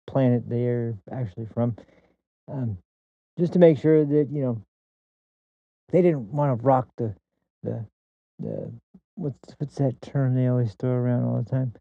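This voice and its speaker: A man's voice: mid-range voice, unhurried, creaky, pauses often, dry recording, narrow, tinny audio. A man hosting a podcast, delivering a blunt, crude political commentary monologue that rambles with many restarts. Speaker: podcast host.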